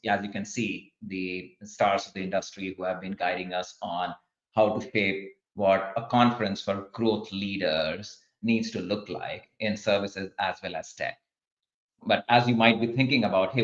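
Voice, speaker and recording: Male research partner presenting fluently, lowish voice, roomy lo-fi sound. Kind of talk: webinar presentation. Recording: echoey muffled audio.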